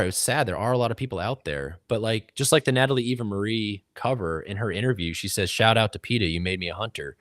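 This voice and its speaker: A man's voice: fairly low pitch, no room sound, studio quality. A man with a Texas accent talking casually on a podcast as a guest, driven and emphatic, rambling through his points. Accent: Texan. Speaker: podcast guest, hunting media founder.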